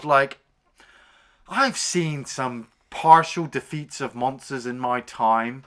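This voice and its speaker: A man recaps a film on a review podcast in a bright, forward voice. His delivery is casual and animated, with free swearing, and he often jumps up in pitch to act out lines from the scenes. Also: slow. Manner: animated retelling, swears freely, acts out scenes in raised voices.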